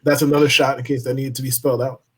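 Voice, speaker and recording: A man co-hosting a live-stream podcast in a casual chat, delivering dry deadpan jabs and slow, punchy lists. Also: mid-range voice, a little hiss or hum. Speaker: podcast co-host.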